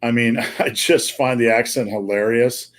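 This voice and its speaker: A man's voice: mid-range voice, fairly even intonation, normal speed. Blunt middle-aged man with faint Wisconsin accent. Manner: blunt, profane, jokey. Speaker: podcast host answering viewer questions. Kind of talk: live podcast chat. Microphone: remote call.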